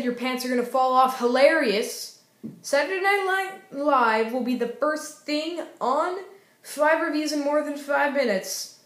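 A woman's voice: high-pitched, fairly bright tone, reverberant. A young woman casually reviewing TV shows in a goofy, playful way, breaking into sing-song cheers. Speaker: YouTube TV show reviewer.

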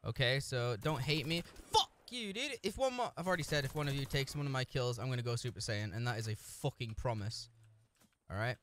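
A man's voice: mid-range voice, expressive, brisk, fairly bright tone, slight background noise. A man giving live commentary over his own shooter gameplay, swearing constantly, trash-talking other players and cracking jokes between frustrated outbursts. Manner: frustrated outbursts and joking asides. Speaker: gameplay streamer. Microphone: desk mic with a camera, no headphones.

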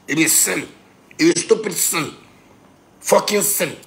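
A Ghanaian man rants in Pidgin-tinged English. His voice sits a touch high for a man and has a gravelly rasp. He swings from loud outbursts to low, heated muttering. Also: moderate pace. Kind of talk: angry rant.

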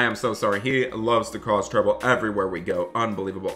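A man playing a dad in an animated game roleplay, excitable and often scolding his son. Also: lowish voice, quick pace, few pauses, faint music behind.

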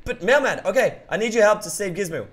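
A man hosting a game roleplay who talks excitably and keeps yelling out names and exclamations. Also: high-pitched, quick pace, breathy edge.

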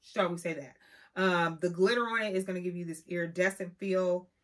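A woman's voice: lowish voice, brisk. Sassy woman reviewing press-on nails. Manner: sassy, animated, says "honey" and "child" a lot. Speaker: beauty vlogger. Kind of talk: casual product review.

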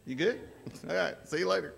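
Folksy preacher in a reverberant church. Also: male voice, high voice, moderate pace, gravelly, a bit bright, a little hiss or hum. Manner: folksy storytelling, asks the congregation questions. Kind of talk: sermon. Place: church sanctuary. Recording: long church hall reverb.

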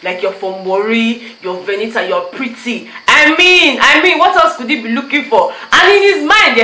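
A young Nigerian woman with a Nigerian accent, a YouTuber recapping a reality show in chatty, animated storytelling that slips into pidgin asides. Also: on the high side. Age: young adult. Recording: echoey room.

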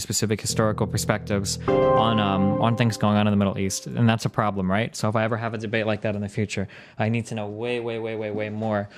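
A man hosting a livestream, talking casually and rambling, correcting himself often and filling gaps with "like" and "um". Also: fairly low pitch. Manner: rambling, self-correcting, lots of "like" and "um". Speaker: streamer and debate host.

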